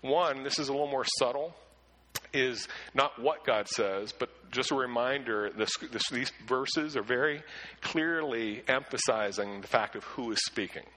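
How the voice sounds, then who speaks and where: A male pastor preaching with a bright, forceful tone at an ordinary middle pitch. He is earnest and often stumbles over repeated words as he begins a thought. When he reads scripture he slows down and stresses each phrase. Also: rough recording. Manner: slows down to read scripture with emphasis. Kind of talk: sermon with scripture reading.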